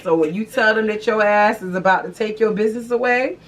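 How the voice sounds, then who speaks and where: A young adult woman hosting a vlog, talking in an animated, profane, slangy way. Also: medium pitch, a little fast. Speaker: vlog host. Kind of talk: casual chat to camera. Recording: distant mic, faint background noise.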